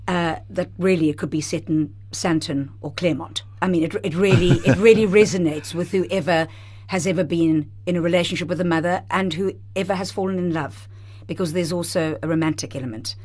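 Woman, theatre director, lower pitch, enthusiastic, expressive, studio mic. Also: moderate pace. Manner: enthusiastic, expressive, laughs often. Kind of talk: radio interview guest. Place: radio studio. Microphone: studio microphone.

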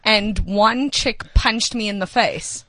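A woman's voice: medium pitch, slow, no room sound. A woman with a career in improv comedy, telling self-mocking stories as a radio guest in a studio. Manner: animated, self-mocking storyteller. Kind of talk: comic radio banter.

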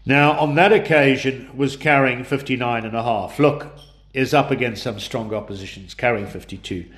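A man's voice: mid-range voice, moderate pace, fairly bright tone. A man, congested from flu, giving horse racing tips in a businesslike way and rattling off numbers and odds.

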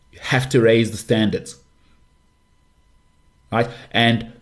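A man hosting a podcast, delivering an impassioned monologue with forceful, repetitive emphasis. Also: lowish voice. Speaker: podcast host.

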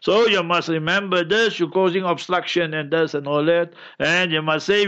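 A man's voice: fairly high pitch, steady tone, moderate pace, few pauses, pushed and bright, highs cut off. A man, a mufti answering listener questions on a religious call-in show, preaching with jokes and repeating his points. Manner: preachy, joking, keeps repeating "you must remember". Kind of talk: religious Q&A broadcast.

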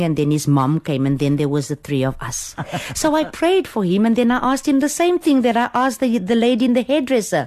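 A middle-aged woman guest on a radio interview, telling a testimony with lively, exclamatory delivery and acted-out dialogue. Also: a little high, brisk. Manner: animated, acts out quoted dialogue, exclamatory.

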